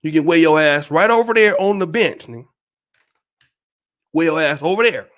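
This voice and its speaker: A man's voice: fairly high pitch, lively intonation, normal speed, a bit bright. A man hosting his own channel, ranting at viewers in an emphatic, profane, repetitive, preachy way. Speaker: channel host.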